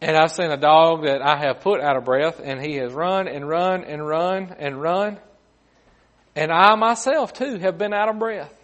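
High-voiced folksy preacher. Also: male voice, a little slow, fairly bright tone, lo-fi sound. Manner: folksy, repeats words, humorous asides. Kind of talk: sermon.

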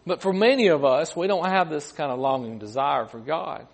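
A man's voice: fairly high pitch, normal speed, vocal fry. A man preaching a sermon in a folksy way, often repeating his words and adding humorous asides.

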